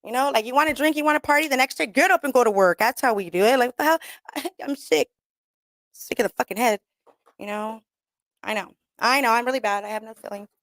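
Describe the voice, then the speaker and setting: A woman's voice: fairly high pitch, fast talker, fairly bright tone, dry recording. A woman hosting talk radio in a blunt, rambling, profane way, laughing often and mixing in Spanish slang.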